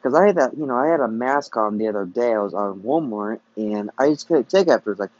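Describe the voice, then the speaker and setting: Male podcast host, profane repetitive rant, medium pitch, muffled lo-fi sound. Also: lively intonation, fast talker, darkish tone, no echo. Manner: ranting, profane and repetitive, restarting sentences. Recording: dull lo-fi recording.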